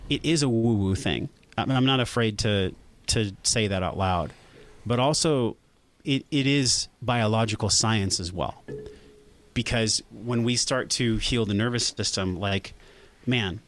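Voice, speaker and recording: Earnest low-voiced man on a podcast. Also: dry recording. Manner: earnest and intense, swearing for emphasis. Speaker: podcast guest. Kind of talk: emotional conversational podcast talk.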